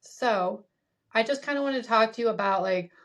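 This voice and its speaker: A woman's voice: on the high side, moderate pace. Reflective woman chatting about parenting. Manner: conversational, full of "like" fillers, reflective. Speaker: podcast co-host, parent. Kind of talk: casual advice chat.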